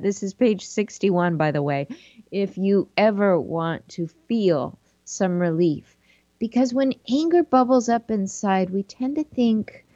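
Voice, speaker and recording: A woman hosting a show, reading aloud from a book and reflecting on it in a gentle, thoughtful way. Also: mid-range voice, no room sound, highs cut off. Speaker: podcast host.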